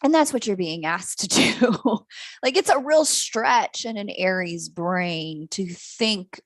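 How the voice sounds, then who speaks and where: Woman, astrology reader, live-stream reading, candid, self-mocking, gravelly, dry sound. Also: medium pitch, lively intonation, slow, no room sound. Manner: candid, laughs at herself, swears casually.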